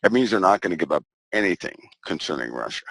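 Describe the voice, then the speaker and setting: A man speaking as a guest in a casual conversation, measured and repeating phrases for emphasis. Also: sits low, very animated, vocal fry, fairly bright tone, dry recording.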